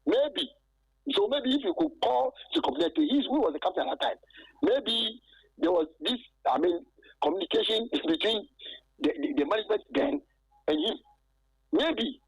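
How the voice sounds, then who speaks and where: A gravelly, husky man talks over a dull, muffled phone line. He stumbles and repeats himself as he airs a grievance, and his pitch leaps up and down. The sound is dry and close. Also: very animated, no echo. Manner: halting and aggrieved, stacks repeated words and fillers. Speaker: former footballer calling in. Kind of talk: phone-in interview.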